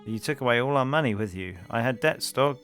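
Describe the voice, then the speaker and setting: A man's voice: medium pitch, expressive, fast talker, a bit bright, faint music behind, close to an everyday voice. A man reading the lines of a smug, mocking, treacherous older crime boss in a text adventure game. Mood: sneering. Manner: mocking, calls everyone dog.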